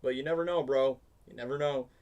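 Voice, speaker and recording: A man's voice: mid-range voice, steady tone, brisk, darkish tone, highs cut off. A man hosting a casual reaction livestream, rambling and chatty, saying "bro" and "like" a lot. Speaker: livestream host. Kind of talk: casual reaction stream chat.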